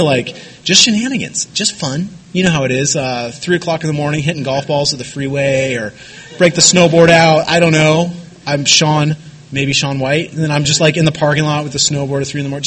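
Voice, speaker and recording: Man, recovery share, rambling, self-mocking, mimics voices, bright forceful tone, faint background hum. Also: medium pitch. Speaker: recovery meeting speaker. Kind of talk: personal recovery story told to a group.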